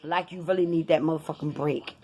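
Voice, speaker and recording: A woman vlogger talking casually and bluntly to her viewers, cursing often in an animated, informal way. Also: low-pitched, brisk. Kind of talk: casual vlog rant.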